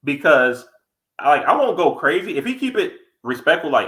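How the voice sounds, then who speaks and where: A man co-hosting a podcast in casual chat, blunt and animated, acting out heated quotes. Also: a little high, moderate pace, roomy sound, low-quality recording. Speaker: podcast co-host.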